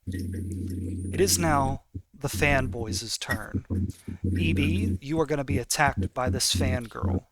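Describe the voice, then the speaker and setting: A man's voice: mid-range voice, takes it slowly, over a noisy crowd. A man narrating a tabletop game as game master, casual and full of fillers. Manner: casual, many fillers while reading rules.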